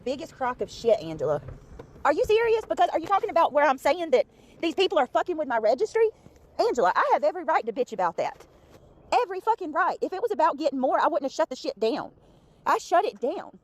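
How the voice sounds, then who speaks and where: High-pitched indignant woman. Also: sing-song, fast. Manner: indignant, defensive, profane.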